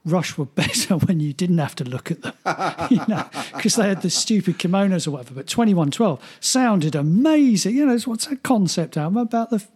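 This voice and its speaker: A man's voice: high voice, expressive, brisk, hardly any pauses, darkish tone, husky. A man, co-hosting a casual chat, talking in a chatty, laughing way full of restarts. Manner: chatty, laughing, many restarts and "you know". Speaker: podcast co-host.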